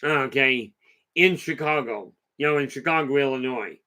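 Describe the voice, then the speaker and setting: A man's voice: mid-range voice, moderate pace, sharp tone. A man hosting a casual live talk, telling a long story in a rambling, chatty way and answering viewer comments. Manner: rambling, chatty, with many restarts and asides. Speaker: host.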